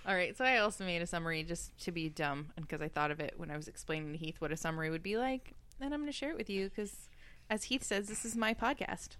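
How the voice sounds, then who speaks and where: A woman's voice: fairly low pitch, animated, fast talker, a bit bright. A woman hosting her podcast in casual chat, with a dry, teasing way of talking. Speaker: podcast host.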